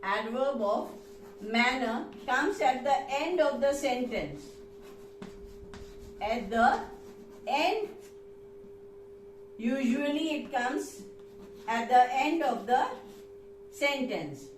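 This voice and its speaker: A woman teaching a grammar lesson, slow and deliberate, repeating key words and sometimes explaining in Hindi. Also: sits high, animated, reverberant, slight background noise, poor audio. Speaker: English teacher.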